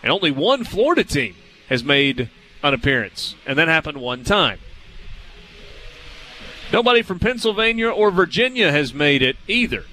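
A man hosting sports talk radio, briskly reading ad copy and a newspaper column aloud. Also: a little high, sing-song, pushed and bright, slight background noise.

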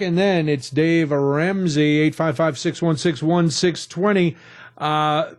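A man's voice: fairly high pitch, fairly even intonation, takes it slowly, faint music behind. A man hosting a radio talk show, recapping odd news stories in a jokey, rambling way from a studio.

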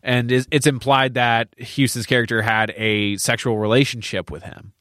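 A man's voice: mid-range voice, steady tone, normal speed, fairly bright tone, no echo, studio quality. Man casually chatting about a film. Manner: conversational, many fillers and restarts, candid and profane. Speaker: podcast co-host.

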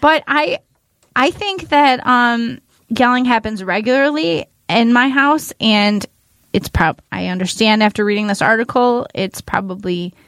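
A woman's voice: a little high, unhurried, fairly bright tone, dry recording, clean studio sound. A woman cohosting a parenting podcast in casual chat, candid and chatty, laughing often.

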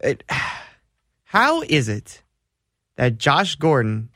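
A man's voice: fairly high pitch, huge pitch swings, extremely slow, bright, forceful tone, dry recording, clean studio sound. A man co-hosting a sports radio show, airing heated, exasperated opinions. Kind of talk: casual sports talk.

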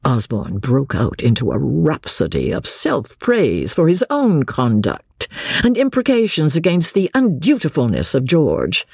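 A male narrator reads a classic novel slowly and expressively, dropping into hushed asides. His voice is gravelly and husky, with wide pitch swings, and it sounds dry and close. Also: no echo. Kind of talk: audiobook narration.

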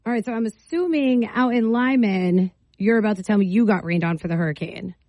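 A woman hosting a morning radio show, chatting casually with callers, blunt and quick to laugh. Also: mid-range voice, darkish tone. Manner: giggly, blunt, swears casually.

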